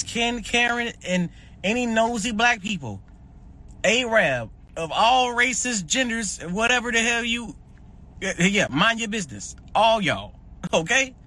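A man giving casual direct-to-camera commentary, animated and preachy, warning his viewers in slang-heavy talk. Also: very high-pitched. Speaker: social media commentator.

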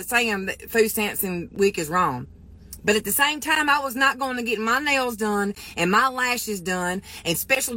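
A woman's voice: on the high side, pushed and bright. A woman giving a casual direct-to-camera opinion, telling a story in an indignant, opinionated way. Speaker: social media commentator.

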